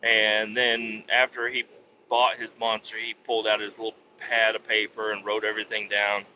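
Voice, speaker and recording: A man's voice: fairly low pitch, completely flat delivery, moderate pace, sharp tone, dull audio, slight background noise. A man hosting a podcast, telling a rambling, profane anecdote with casual restarts. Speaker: podcast host. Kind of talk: casual storytelling.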